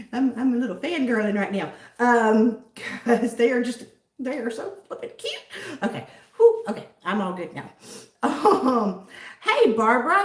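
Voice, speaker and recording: Her medium-pitched voice has a fairly bright tone and a roomy sound as she hosts a livestream. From the southern United States, she casually chats, giggles, and calls out viewers by name.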